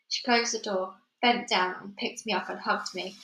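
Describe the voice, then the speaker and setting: In an echoey room, a storybook reader with a medium-pitched, sharp-toned voice reads a children's novel aloud at a moderate pace and steady tone. She then signs off to her listeners in a chatty, informal way.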